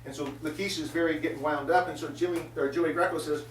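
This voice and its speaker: A man hosting a comedy show, telling a meandering story full of filler pauses and sarcastic asides. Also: on the high side, fairly even intonation, slight background noise. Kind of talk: rambling comic monologue. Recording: echoey room, voice from a distance.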